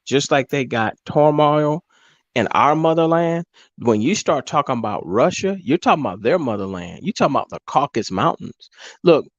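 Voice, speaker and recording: A man talking in a loud, joking podcast chat, often putting on mocking voices. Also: medium pitch, animated, moderate pace, dry recording, dull audio. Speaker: podcast co-host. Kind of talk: casual comedic chat.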